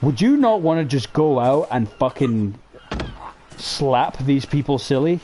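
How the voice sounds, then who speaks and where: A man hosting a casual talk show, ranting heatedly with lots of swearing, jumping between loud outbursts and low mutters. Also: lively intonation, measured pace, a little hiss or hum. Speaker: podcast host. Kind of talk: casual opinion rant.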